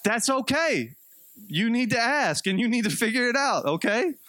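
Brief: a high-pitched male preacher, chatty and humorous, dry recording. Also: moderate pace, no echo. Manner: conversational, animated storytelling with light humor. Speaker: pastor. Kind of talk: sermon.

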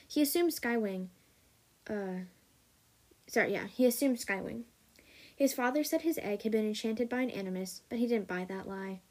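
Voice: mid-range voice, moderate pace, long pauses. A podcast host reading their own fan fiction aloud in a casual way, with small restarts and corrections.

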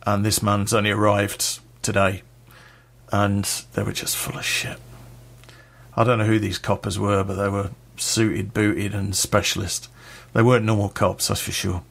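A man tells a story from his own life, blunt and full of swearing, with a laugh now and then. His voice sits low with a heavy gravelly fry. The delivery stays casual and direct. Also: flat delivery, normal speed. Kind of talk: personal storytelling.

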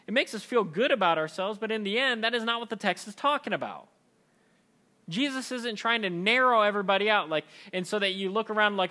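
Male pastor, 30s, casual animated preaching, high bright voice, slips into quoted voices. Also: a little fast. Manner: conversational, animated, acts out voices of people he quotes. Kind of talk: sermon.

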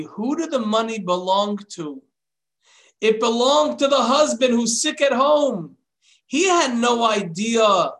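A man's voice: very high-pitched, fairly bright tone, full character voice. A man voicing an elderly revered sage who explains and exhorts in an emphatic, fatherly way.

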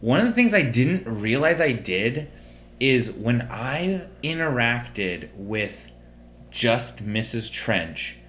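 A man's voice: mid-range voice, very animated, slow, fairly bright tone, slight background noise. A young man co-hosting a podcast in casual chat, rambling and searching for his words. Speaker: podcast co-host.

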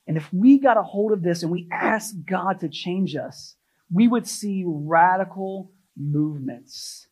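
A young adult male pastor from the United States preaching a sermon, stressing key words with rising emphasis and then dropping low and soft. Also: husky, low-quality recording.

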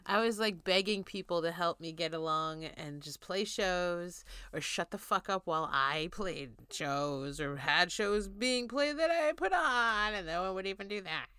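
Bright-voiced woman telling a casual story. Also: lowish voice, a little slow, hardly any pauses, clear, resonant tone, dry recording, studio quality. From United States. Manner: chatty storytelling, swears freely, acts out quoted people. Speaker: podcast co-host. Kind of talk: casual chat.

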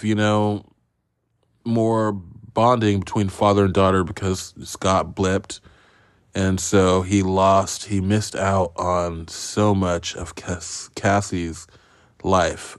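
Man, podcast host, casual solo film review, rambling, profane, self-mocking, deep voice, dry close sound. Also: dry recording.

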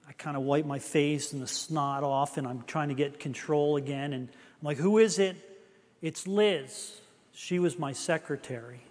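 A man's voice: medium pitch, steady tone, moderate pace, few pauses, in a large hall. A middle-aged man preaching a sermon, telling a personal story in an earnest, confessional way.

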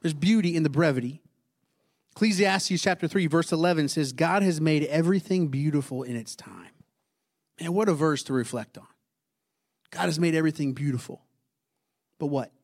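Male pastor in his thirties, lilt, chatty sermon delivery, voice pitched a bit high, keeps asking the room questions. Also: moderate pace. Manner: conversational, asks the congregation questions.

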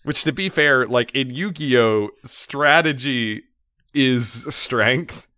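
Bright-voiced man rambling through a recap. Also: medium pitch, slow, clean tone, no echo, clean studio sound. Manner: rambling, animated, many fillers and asides. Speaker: podcast co-host. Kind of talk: casual anime recap chat.

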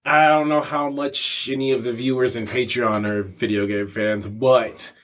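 A man co-hosting a casual podcast, easygoing and quick to laugh. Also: medium pitch, steady tone, a bit bright. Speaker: podcast co-host. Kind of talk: casual chat.

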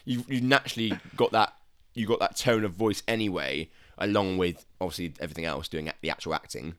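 A man's voice: deep voice, fairly quick, a bit bright, clean tone, dry recording, clean studio sound. A young man, hosting a podcast in chatty, teasing talk and laughing often. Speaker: podcast host. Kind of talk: casual podcast chat.

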